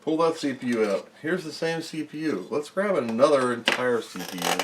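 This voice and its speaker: Male host, mid pitch, rambling workbench chatter, self-deprecating, faint hiss behind. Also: animated, normal speed. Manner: rambling, self-mocking, mutters while working. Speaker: electronics repair host. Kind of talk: casual workbench narration.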